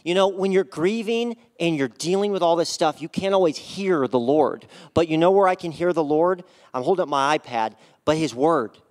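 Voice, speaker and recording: A man speaks to a congregation in a fairly high voice, telling his own testimony with open passion. He presses his points hard and at times raises his voice to the room, yet it comes from earnestness rather than anger. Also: moderate pace, few pauses. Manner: passionate, raising voice to urge the listeners. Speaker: guest speaker sharing testimony. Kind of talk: church testimony. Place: church service before a congregation.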